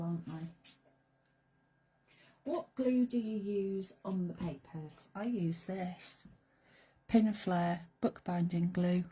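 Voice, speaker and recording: A chatty, playful woman talks viewers through a craft project live from her studio, now and then slipping into soft whispered asides. Her voice is fairly low and mellow with a husky edge. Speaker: crafting presenter.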